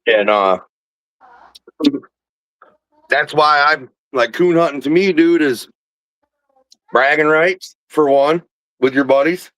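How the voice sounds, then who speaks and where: A man's voice: a little high, a little slow, fairly bright tone, no echo, poor audio. A man hosting a podcast, telling a rambling, profane hunting story with laughs, in a casual chat. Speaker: podcast host.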